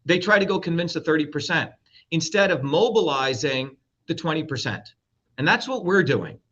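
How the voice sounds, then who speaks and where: A man's voice: fairly high pitch, animated, normal speed, fairly bright tone. A middle-aged man from India, a presidential candidate talking as a guest, blunt, combative and profane. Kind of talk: heated interview talk. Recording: dull lo-fi audio.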